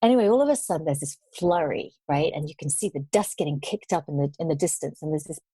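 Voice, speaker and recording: A woman guest on an interview show, telling travel stories in a lively way and acting out the people she met. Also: low voice, fast, breathy edge, no room sound. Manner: animated storyteller, acts out quoted voices. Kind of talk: storytelling interview.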